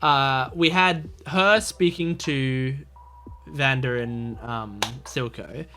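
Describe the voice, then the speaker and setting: A mid-range male voice, speaking slowly. He hosts a reaction video, thinking aloud casually with lots of fillers and restarts as he rambles.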